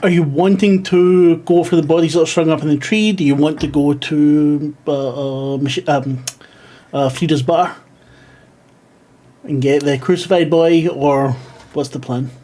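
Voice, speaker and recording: A man narrating a tabletop role-playing game as game master. His narration is plain and steady, and his voice sits a little high. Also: a little slow.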